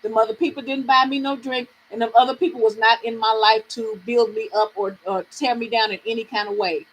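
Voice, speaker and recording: A middle-aged woman from the American South talks frankly with viewers on her live reading stream. Her voice sits high and bright, she swears easily and laughs a lot. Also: fairly quick, slight background noise, rough recording. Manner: frank, animated, swearing freely, laughing often.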